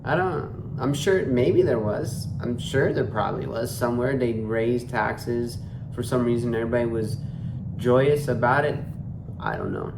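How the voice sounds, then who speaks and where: A man casually reacting to a video, musing in a slow, laid-back way. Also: medium pitch, sing-song, vocal fry. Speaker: reaction streamer. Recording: echoey room with background noise.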